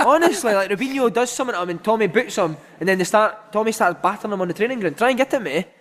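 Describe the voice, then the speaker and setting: A man's voice: sits high, animated, racing, fairly bright tone. A man, a former footballer, telling funny football stories in casual chat, laughing often and calling people "mate". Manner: laughing, anecdotal, peppered with "mate". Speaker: podcast host and former footballer.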